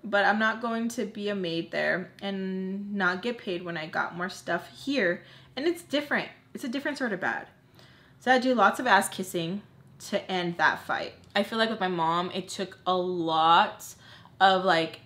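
A woman's voice: medium pitch, moderate pace, a bit bright. A woman in her twenties telling a candid storytime, rambling with lots of fillers and swearing. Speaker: vlogger. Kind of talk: casual storytime vlog.

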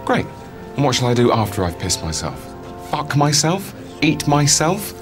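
A man's voice: fairly high pitch, big pitch swings, normal speed. An actor playing a lazy, self-pitying man, whiny and sarcastic, in a sitcom clip with faint music behind.

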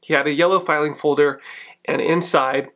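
A man in his thirties casually telling stories to the camera in a chatty, animated way, laughing often. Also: on the high side, moderate pace. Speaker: vlogger. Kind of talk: casual vlog storytelling.

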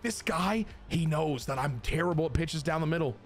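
A man giving casual, excitable commentary on his own baseball video game play, talking to his chat and swearing. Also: a little high, moderate pace, faint music behind. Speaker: gaming streamer.

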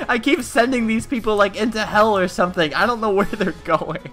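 A young man giving crude, excitable gameplay commentary, laughing often as he plays. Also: high voice, fairly quick, soft background music. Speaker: gaming YouTuber.

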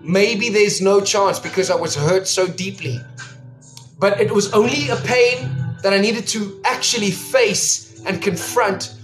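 A South African man with an Afrikaans-speaking accent, hosting a casual live stream and chatting warmly with viewers, mixing English and Afrikaans. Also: sits high, measured pace, reverberant, faint music behind. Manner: switches between English and Afrikaans, upbeat and affectionate with viewers. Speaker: livestream host.

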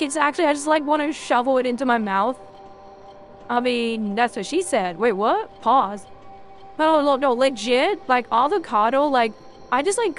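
A woman streamer chatting casually and rambling jokingly to viewers while she plays a game. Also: high voice. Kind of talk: casual gameplay chat.

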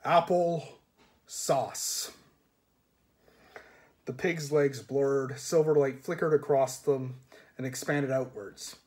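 A man reading a comic fantasy novel aloud with lively narration. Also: medium pitch, unhurried. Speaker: reader.

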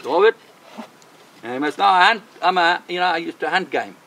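An older man, a missionary, telling a personal faith testimony in an animated way, repeating phrases for emphasis. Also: high voice, normal speed, creaky, poor audio. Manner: animated, vivid storyteller who repeats himself for emphasis.

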